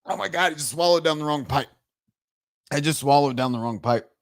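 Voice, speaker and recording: A man's voice: fairly high pitch, a little fast, no room sound, studio quality. A man hosting a live show, chatting casually and getting exasperated and laughing at his own tech troubles. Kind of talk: casual live-stream chat.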